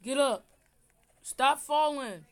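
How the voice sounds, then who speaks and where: An older woman with a high-pitched voice speaks slowly, making playful, teasing comments as she plays a game with her family. It's casual gameplay commentary captured by phone screen recording.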